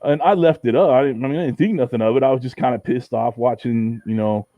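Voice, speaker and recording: A man's voice: medium pitch, quick pace, no room sound, lo-fi sound. A man from Southern California, a guest on a casual livestream, telling a story with lots of swearing and acting out the back-and-forth. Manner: profane, animated storytelling, acts out quoted exchanges.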